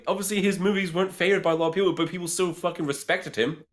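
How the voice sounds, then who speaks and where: A man co-hosting a casual podcast, excitedly retelling a movie scene with plenty of swearing. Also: sits high, rapid-fire. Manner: animated, excitable storyteller who swears freely. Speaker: podcast co-host. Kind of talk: casual film discussion.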